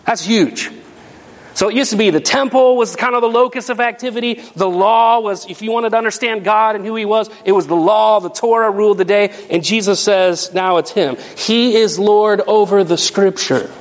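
High-voiced man preaching in a reverberant hall. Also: moderate pace. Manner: animated, emphatic preaching with rhetorical questions. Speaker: pastor. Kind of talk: sermon.

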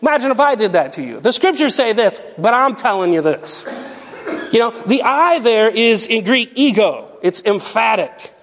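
A man preaching a sermon as pastor, emphatic and animated, asking the congregation rhetorical questions. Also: high voice, moderate pace. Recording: long hall reverb.

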